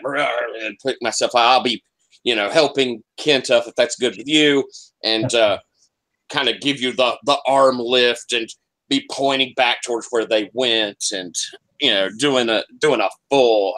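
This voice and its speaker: Friendly player, mid-pitched man. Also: fairly bright tone. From South Carolina, USA. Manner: friendly, enthusiastic, often says "you know". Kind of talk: casual chat at a tabletop game.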